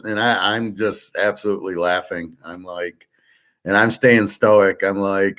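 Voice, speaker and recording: A man's voice: fairly low pitch, fairly even intonation, a little slow, fairly bright tone. Blunt, profane middle-aged man. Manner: blunt, profane, rambling with many fillers. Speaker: sports betting host. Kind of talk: casual monologue.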